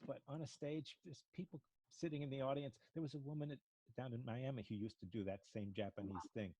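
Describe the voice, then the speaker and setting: A man's voice: mid-range voice, steady tone, fast, dark tone, low-quality recording. A man, an improv instructor telling frank stories to his class, swearing now and then. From New York. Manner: storytelling, frank, swears casually. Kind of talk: teaching class discussion.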